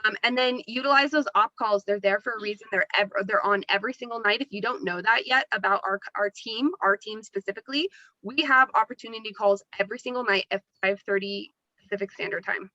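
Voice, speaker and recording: Upbeat chatty woman running a zoom team training, bright voice, kinda lo-fi laptop sound. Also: medium pitch, a little fast, dry recording. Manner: upbeat, chatty, talks with her hands. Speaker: team leader training new members. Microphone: laptop mic on video call.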